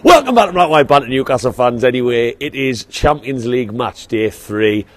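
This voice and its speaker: Man, excited matchday vlog, chatty, outdoors, handheld camera. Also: mid-range voice, moderate pace. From England. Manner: chatty, excitable football fan banter. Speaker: vlog host. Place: outdoors on city streets.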